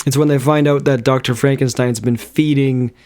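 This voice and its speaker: Man, mid pitch, podcast co-host, casual chat, blunt joking interjections. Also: steady tone, moderate pace, a little mellow. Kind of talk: casual film review chat.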